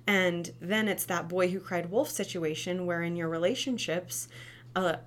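A woman in her thirties, a former teacher and mom, giving parenting tips in casual talk, tagging "right?" onto her points and jumping up high when she acts out cheerful reactions. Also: a little slow. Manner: chatty, lots of "right?" and "like". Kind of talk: casual advice talk to camera.

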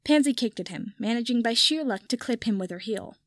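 Woman narrating a story, fairly high voice. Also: expressive, brisk, no echo, clean studio sound. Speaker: reader. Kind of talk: audiobook fan fiction narration.

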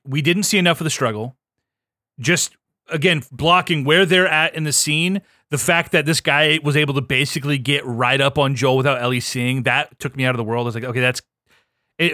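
A man co-hosting a podcast in casual chat, animated and swearing, acting out his reactions. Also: fairly high pitch, no echo, clean studio sound. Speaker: podcast co-host.

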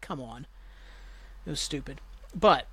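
A man's voice: medium pitch, lively intonation, measured pace, a bit bright, husky, no room sound. A man hosting a podcast, casually recapping a TV episode in a rambling, profane, exasperated way. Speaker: podcast host.

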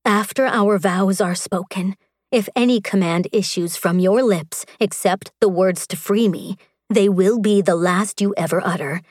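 A woman voicing a fierce young noblewoman bride in an audiobook, sharp and defiant. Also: mid-range voice, measured pace, no room sound, clean studio sound, close to an everyday voice. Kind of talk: audiobook character voice.

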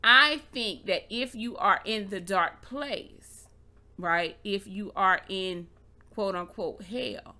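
A woman's voice: mid-range voice, slow, pushed and bright. A woman in a casual faith conversation, reasoning aloud and insisting on being heard.

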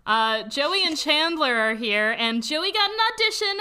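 A playful young woman co-hosting a casual podcast, cracking jokes and laughing through her recap. Her voice sits high and sounds very bright. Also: very animated, a little slow. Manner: playful, jokey, does mock voices and laughs. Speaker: podcast co-host. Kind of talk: casual chat recapping a sitcom.

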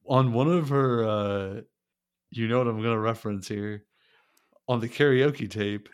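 A man's voice: mid-range voice, a little slow, clear, resonant tone. A man co-hosting a podcast in a laid-back casual chat, laughing along often. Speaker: podcast co-host.

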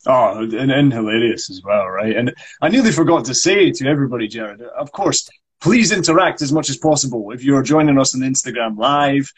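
Scottish man, podcast host, casual chat, husky voice, tag questions. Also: mid-range voice, lively intonation, brisk. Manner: chatty, many tag questions.

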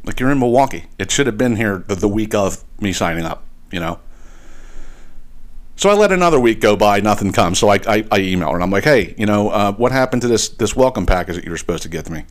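A man's voice: lowish voice, quick pace. A man hosting a podcast, telling a long exasperated story in a casual, profane ranting way. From eastern Pennsylvania. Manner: profane, exasperated, animated retelling. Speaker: podcast host.

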